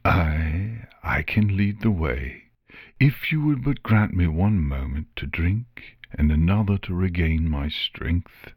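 A man voicing an old, blind male basilisk who speaks slowly and carefully in a dry, rustling voice. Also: low voice, expressive, slightly rough, no echo, lo-fi sound, exaggerated voice. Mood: weary. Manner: slow and careful.

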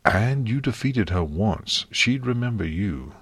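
A man voicing a gentle, motherly female pony princess in a storybook reading, speaking soothingly and hushing. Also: lowish voice, lively intonation, a little slow, husky, no room sound, exaggerated voice. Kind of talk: audiobook fan fiction reading.

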